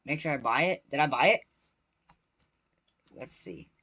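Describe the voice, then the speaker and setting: An excitable gaming creator giving live gameplay commentary, chatty and repetitive, constantly talking to viewers and bursting into shrieks when startled. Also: mid-range voice, a little slow, slightly rough. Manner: repetitive, chatty, playful slang.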